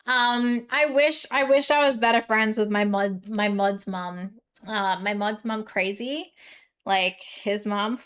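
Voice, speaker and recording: A young woman streaming live and chatting casually with her viewers. Her voice sits high, and she giggles often and leans on plenty of fillers. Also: fairly even intonation, unhurried, a bit bright. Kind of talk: casual live-stream chat, reading chat aloud.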